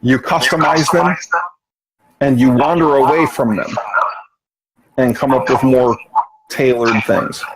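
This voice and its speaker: A man of ordinary pitch coaches a student through an online voice chat. He explains patiently at length, repeating and restarting words as he goes. A faint hiss sits under his voice. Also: a little slow, long pauses. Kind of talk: teaching over voice chat. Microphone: online voice chat mic.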